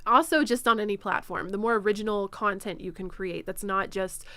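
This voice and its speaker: A woman streamer chats through viewer questions in a loose, off-the-cuff way, stopping to correct herself and dropping plenty of ums. Her voice comes across smooth and clean, and the sound is dry with no room ring. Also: medium pitch, fairly quick, bright, forceful tone, no echo. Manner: frequent ums and self-corrections. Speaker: streamer hosting a Q&A. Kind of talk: casual live-stream advice chat.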